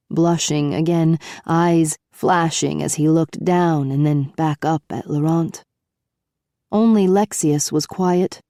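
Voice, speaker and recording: A woman narrating an audiobook in a measured, even manner. Her voice is low, dark and mellow, recorded close and dry with no room sound. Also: no echo. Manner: measured storytelling. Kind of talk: scripted narration.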